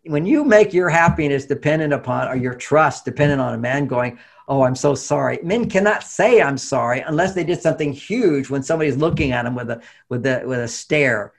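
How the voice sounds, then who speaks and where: A man, a relationship author, talking in an animated conversational way as an interview guest. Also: a little high, fairly quick, hardly any pauses. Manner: animated, acts out quoted voices, laughs often.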